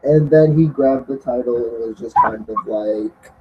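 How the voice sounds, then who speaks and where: A man's voice: medium pitch, unhurried, muffled recording, background noise. A man reviewing a wrestling show in casual chat, often acting out quotes in a mocking voice.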